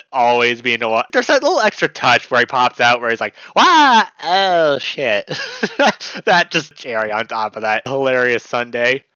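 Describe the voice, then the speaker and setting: A man's voice: medium pitch, pushed and bright, no room sound. Man, podcast co-host, casual chat, enthusiastic, dry lo-fi sound. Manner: enthusiastic, laughs at own jokes.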